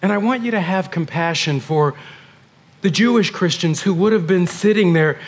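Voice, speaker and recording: Casual, talky man teaching scripture with a bright, high-pitched voice. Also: moderate pace. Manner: chatty, filler-heavy, addresses listeners as "you guys". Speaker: Bible teacher.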